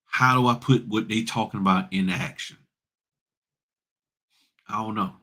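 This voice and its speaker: A man's voice: lowish voice, steady tone, measured pace, bright, forceful tone. A middle-aged man hosting a casual livestream, talking bluntly and preachily to his viewers in slangy speech. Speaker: notary business host.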